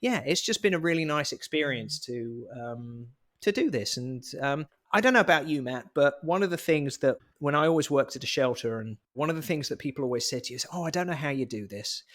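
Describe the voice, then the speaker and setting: A man's voice: fairly high pitch, animated, a little fast, hardly any pauses, a bit bright. Chatty man telling a story. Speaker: podcast co-host. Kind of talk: casual podcast chat.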